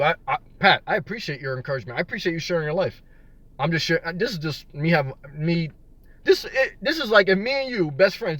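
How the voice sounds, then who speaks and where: Parked in a lot, a vlogger chats casually on a live stream from his car, reading comments from viewers and rambling on with jokes about being single. His voice is on the high side with a fairly bright tone.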